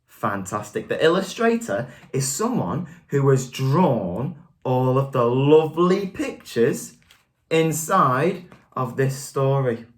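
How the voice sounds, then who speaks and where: A woman teacher with a low, very lively voice, reading a picture book to young children at an unhurried pace. She asks coaxing questions and is quick to praise each answer.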